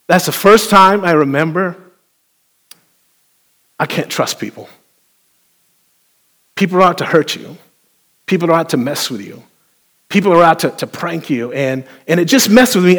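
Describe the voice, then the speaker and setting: A man preaching a sermon as pastor, telling a story with playful, animated asides to the congregation. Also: high-pitched. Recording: long hall reverb.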